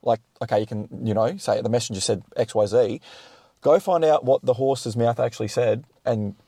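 A man's voice: medium pitch, moderate pace, dark tone, breathy edge, no echo, clean studio sound. A young man hosting a podcast chat, swearing freely and stumbling over restarts when worked up. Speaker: podcast host. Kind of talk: casual chat.

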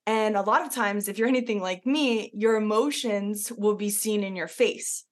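A woman's voice: mid-range voice, moderate pace. A woman hosting a podcast who speaks in an earnest, encouraging way and draws on her own experience. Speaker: podcast host. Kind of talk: casual podcast talk.

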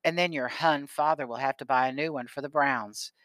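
A man's voice: medium pitch, a little fast, a bit bright, no echo, lightly acted. A man voicing a mean, bossy schoolgirl bully in an audiobook, with a taunting, sneering manner.

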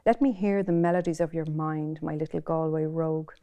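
A lofty, hushed young man with a poet's turn of phrase, as a woman reads him aloud. He talks low and gently, every line rounded and measured. The voice stays close and calm throughout. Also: muffled recording. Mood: tender. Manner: soft, quiet, lofty. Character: poetic, smooth-talking young Dublin man.

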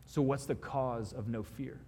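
A man's voice: mid-range voice, steady tone, a little slow, warm tone, a little hiss or hum. A man preaching a sermon in a casual, conversational way, building up to emphatic peaks. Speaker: pastor. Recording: long hall reverb.

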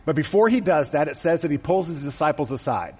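A man's voice: fairly high pitch, lively intonation, fairly quick, darkish tone, slightly rough, in a large hall. A man preaching a conversational, joking sermon to a congregation in a church. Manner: conversational and joking, acts out quotes. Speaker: pastor. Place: church auditorium.

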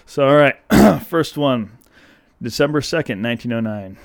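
Guy on a podcast reading letters all hammy, smooth resonant voice, dry close mic. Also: medium pitch, animated, normal speed, no echo. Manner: reads with mock-romantic delivery, laughs often. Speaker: podcast co-host. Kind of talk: casual chat, reading letters aloud.

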